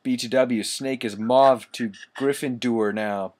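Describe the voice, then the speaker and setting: A man's voice: mid-range voice, steady tone, measured pace, darkish tone. A man reading badly written fan fiction aloud for laughs, amused and stumbling over misspelled words. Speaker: reader.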